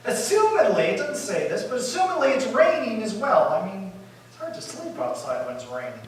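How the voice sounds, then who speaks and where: Animated high-voiced man preaching. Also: a little fast. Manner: animated, acts out the disciples' panic, drops to quiet asides. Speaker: pastor. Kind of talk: storytelling sermon. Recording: echoey room from far off.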